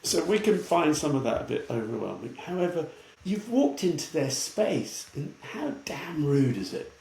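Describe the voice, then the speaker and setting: British guy on a podcast, rough gravelly voice, animated, does quick voices of people, roomy echo. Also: fairly high pitch. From United Kingdom. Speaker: retail futurist guest. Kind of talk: casual podcast conversation.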